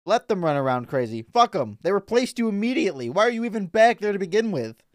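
A man's voice: high-pitched, very animated, normal speed, dry recording, clean studio sound. A man co-hosting a casual podcast, teasing his friend in a blunt, profane way. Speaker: podcast co-host. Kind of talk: casual chat.

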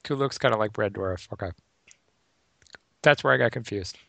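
A man with a gravelly, fry-laden voice chatting on a podcast. He sounds relaxed and agreeable, working through his thoughts aloud. The recording is dry and close. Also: on the low side, fairly quick, no echo. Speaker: podcast co-host. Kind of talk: casual chat.

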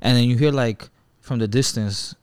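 A man's voice: medium pitch, normal speed, clean tone, no echo. A man in casual chat, telling a profane story and often adding "bro" and "right?".

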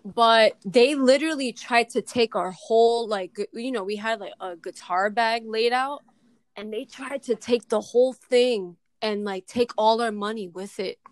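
A young woman tells a story in a fast, rambling way, filling it with "like" and restarts. Her voice sits a little high. It sounds dry and close. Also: no room sound. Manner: fast, filler-heavy storytelling with many "like"s. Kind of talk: casual storytelling chat.

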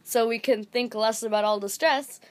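A woman's voice: a little high, steady tone, moderate pace. A teenage girl co-hosting a casual podcast, rambling with lots of fillers and giggles. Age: teens. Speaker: podcast co-host. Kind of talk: casual chat.

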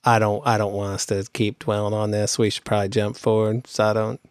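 A man co-hosting a podcast in casual chat, sad and weary, speaking haltingly with sighs. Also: on the low side, little pitch movement, smooth, dry recording, clean studio sound. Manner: halting, sighing. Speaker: podcast co-host.

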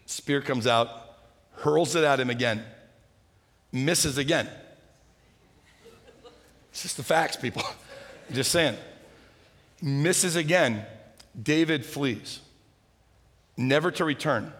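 A man preaching a sermon, retelling a story with lively humor and acting out its characters. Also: mid-range voice, unhurried, pauses often. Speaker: pastor. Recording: hall reverb.

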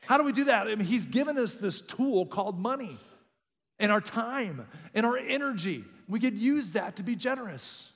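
A man's voice: high-pitched, expressive, moderate pace, fairly bright tone. A man in his thirties preaching a sermon as a pastor, telling a funny personal story with lots of energy. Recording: long reverb in a large room.

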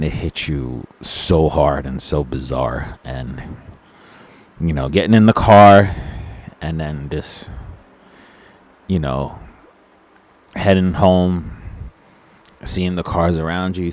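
A man with a very low, deep voice talks straight to his viewers in an unscripted monologue. He is solemn and earnest, and often stops to restart his sentences or reach for words. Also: steady tone, a little mellow. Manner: halting and solemn, with many fillers and restarts; earnest, sorrowful. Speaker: vlogger.

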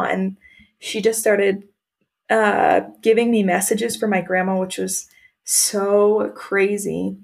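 A woman's voice: medium pitch, little pitch movement, slow pace, vocal fry, a little mellow. A young woman co-hosting a podcast, candidly telling a personal story in casual chat. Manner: candid, emotional storytelling with frequent "like" fillers. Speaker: podcast co-host.

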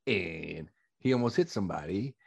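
A man with a gravelly, fry-edged voice in a casual podcast chat. He speaks in a low-key way and teases the others with dry humor. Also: animated, moderate pace, a little mellow. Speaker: podcast guest, truck driver.

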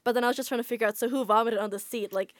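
A woman's voice: on the high side, steady tone, very fast, no echo, studio quality. A woman guest on a podcast, telling a travel story in a chatty way with a lot of "like" fillers. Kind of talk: casual storytelling.

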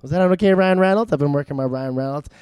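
A man reviews movies in a loose, rambling way, with plenty of uhs and casual swearing. His voice sits fairly high and comes across clean and smooth. The recording is dry and close. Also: very fast, darkish tone, dry recording. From Vancouver, Canada.

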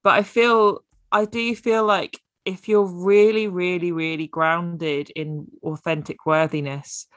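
A woman coach, a guest on a podcast, talking in a relaxed and reflective way in a casual chat. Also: lowish voice, slow pace, few pauses, no echo, clean studio sound. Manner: relaxed, reflective, laughs easily.

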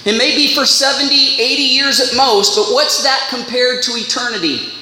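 High-voiced, impassioned male preacher. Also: moderate pace. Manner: animated, impassioned, mimics voices. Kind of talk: sermon. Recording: echoey hall with faint noise.

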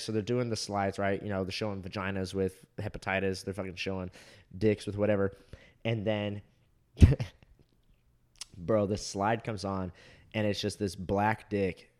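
A young man from Southern California co-hosting a podcast, telling crude stories in a loose, casual way and laughing often. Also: fairly low pitch. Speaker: podcast co-host. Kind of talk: casual chat.

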